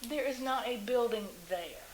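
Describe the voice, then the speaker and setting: A woman's voice: on the high side, normal speed, slight background noise, low-quality recording. A woman speaking as a local resident during public comment at a town council meeting, emotional and pressing with rhetorical questions.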